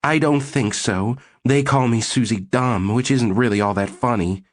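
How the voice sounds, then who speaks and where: A man's voice: mid-range voice, moderate pace, no room sound, studio quality, voice pushed up, close to an everyday voice. A man voicing a mild young woman making a wry remark about herself.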